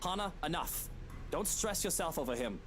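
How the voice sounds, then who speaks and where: Un marido tranquilo y firme. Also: male voice, fairly high pitch, moderate pace, faint music behind. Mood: calm, firm. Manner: calm and firm.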